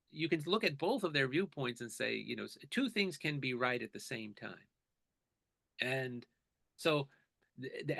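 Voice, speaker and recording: A man's voice: medium pitch, gravelly, bright, forceful tone, no room sound. A man, an author being interviewed, talking emphatically and often restarting with repeated words. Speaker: author and guest. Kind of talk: interview talk.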